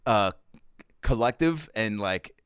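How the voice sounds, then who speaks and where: Male comedian guest, lively storyteller, acts out the quotes, dry close mic. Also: slow pace, smooth, no echo. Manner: animated storyteller, acts out quotes with big pitch jumps. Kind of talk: casual storytelling chat.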